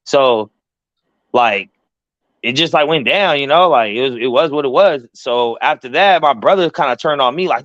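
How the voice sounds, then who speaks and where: Dude ranting fast about a fight at work, swears a lot, does everybody's voices, dry muffled mic. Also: male voice, on the high side, no echo. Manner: animated, profane, acts out quoted voices. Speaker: podcast host. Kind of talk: casual storytelling chat.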